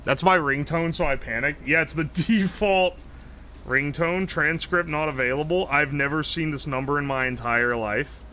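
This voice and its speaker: Young male streamer, high bright voice, excitable, swears while tinkering, faint music behind. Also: normal speed, slight background noise. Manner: excitable, swears a lot, thinks aloud. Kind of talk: casual live-stream chat while tinkering.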